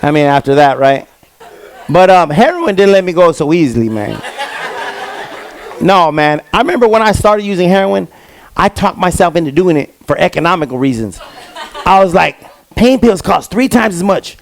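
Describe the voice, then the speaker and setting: Young guy doing standup, high gravelly voice, slangy and rambling, hand mic on stage. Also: animated, normal speed, long pauses. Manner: streetwise storytelling with slang and repeated fillers. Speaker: stand-up comedian. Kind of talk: stand-up comedy set. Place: comedy stage before a live audience.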